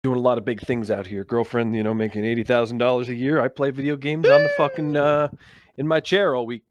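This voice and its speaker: A man's voice: mid-range voice, fast, dry recording, muffled recording. Young male co-host, casual rambling chat, swears a lot, close dry mic. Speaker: podcast co-host.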